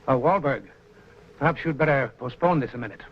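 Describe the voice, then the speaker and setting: An actor playing a complacent, condescending newspaper publisher in 1940s film acting on dull lo-fi old film sound. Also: male voice, medium pitch, brisk, natural voice. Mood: dismissive. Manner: dismissive, condescending.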